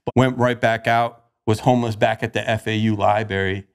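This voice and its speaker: A man's voice: on the low side, brisk, clean tone. Slangy young man telling a story. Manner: animated, slangy, acts out quoted dialogue. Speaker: podcast guest telling his recovery story. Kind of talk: casual storytelling chat.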